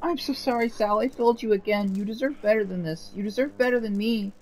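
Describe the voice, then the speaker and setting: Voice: fast talker, a little mellow, natural voice, rough recording. A gamer voicing a guilt-ridden young man, pleading in a raised voice. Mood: remorseful. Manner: high, pleading, emotional.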